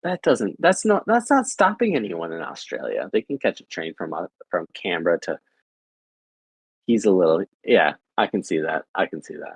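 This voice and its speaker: A man's voice: low-pitched, very animated, normal speed, breathy edge, no room sound, low-quality recording. A young adult American man chatting casually with viewers, rambling and repeating filler phrases. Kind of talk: casual chat.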